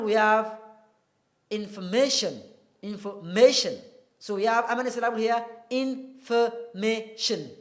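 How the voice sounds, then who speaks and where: A woman teaching an English lesson on television, explaining slowly and spelling words out letter by letter. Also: mid-range voice. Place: TV studio.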